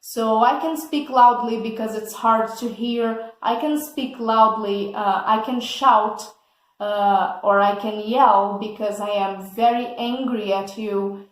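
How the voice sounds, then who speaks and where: A woman teaching English vocabulary, speaking very slowly and deliberately. Her voice sits a little high. She checks in with the class again and again, and the recording carries a noticeable room echo. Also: steady tone. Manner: slow and patient, checks understanding with a frequent "okay?". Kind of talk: explaining vocabulary in an English lesson.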